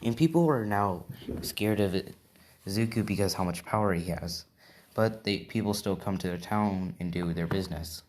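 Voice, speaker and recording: A man improvising a fan-fiction story out loud, rambling and tagging almost every point with a quick check-in question. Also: low voice. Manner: rambling, constantly checking in with "right?".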